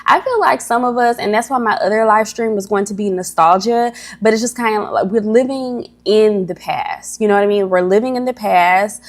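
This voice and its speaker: A woman's voice: medium pitch, normal speed, few pauses. Young woman, livestream host, casual motivational talk, rambling, a bit nervous, trips over words. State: a little nervous.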